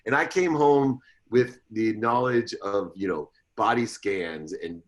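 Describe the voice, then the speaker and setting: A middle-aged man as an interview guest, telling stories in a lively way and acting out the voices of people he quotes. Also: takes it slowly. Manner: animated, acts out quoted voices with big pitch jumps. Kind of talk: storytelling interview talk.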